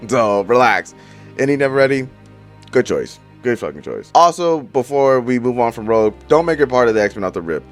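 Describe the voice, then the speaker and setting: A man's voice: mid-range voice, big pitch swings, fairly quick, soft background music. A young man giving casual, profane commentary straight to his viewers, full of slang. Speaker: YouTuber reviewing movie casting.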